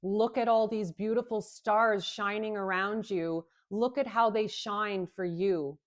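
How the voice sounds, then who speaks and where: A woman voicing a gentle earth goddess. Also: medium pitch, fairly even intonation, measured pace, natural voice. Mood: comforting. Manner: gentle and soothing. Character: loving motherly earth goddess, calm and vast.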